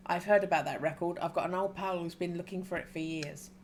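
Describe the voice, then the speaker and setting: A woman's voice: lowish voice, fairly even intonation, fast talker, darkish tone, slight background noise, close to an everyday voice. A woman voicing a jovial middle-aged male biker who runs a record shop, hearty and chatty, in a game read aloud.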